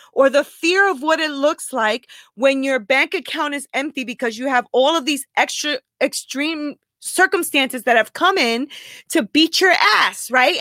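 High, bright, emotional woman coach. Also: no echo. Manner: raw, confessional, keeps asking "right?". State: close to tears. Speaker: life coach. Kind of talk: emotional live talk to viewers.

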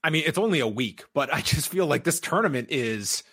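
A man hosting a wrestling podcast, recapping matches step by step in a steady, matter-of-fact way. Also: a little high, brisk, breathy edge, dry recording, studio quality.

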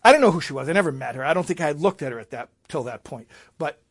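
Animated high-voiced rabbi preaching. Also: male voice, very fast, breathy edge. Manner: animated, swings from loud emphasis to hushed asides. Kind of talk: storytelling sermon.

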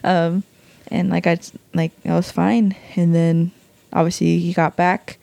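A young woman with a mellow voice talks candidly on a couple's podcast. She rambles, leaning on "like" and "you know". She is recorded close and dry. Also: lowish voice, flat delivery, unhurried, creaky, dry recording. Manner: chatty, lots of "like" and "you know". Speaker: podcast co-host.

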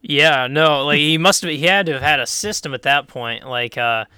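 A man's voice: on the high side, normal speed, sharp tone, smooth, dry recording, clean studio sound. A man in casual comedic chat, rambling through a joke with fillers and laughs.

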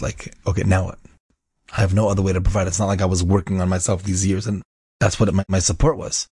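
Male storyteller, low gravelly voice, close dry mic, emphatic and repetitive. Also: darkish tone, no echo. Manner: emphatic, repeats key phrases. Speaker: inspirational speaker. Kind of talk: inspirational storytelling talk.

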